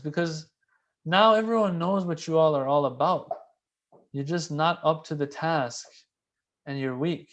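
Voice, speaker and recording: A man giving a casual, conversational religious lecture, animated and repeating key phrases for emphasis. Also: fairly high pitch, moderate pace. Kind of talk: casual sermon explaining a classical text.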